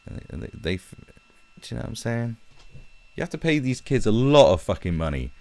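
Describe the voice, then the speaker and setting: A man's voice: medium pitch, fairly quick, gravelly. A young British man on a live stream, ranting heatedly and swearing as he talks from his own room. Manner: profane, animated, heated.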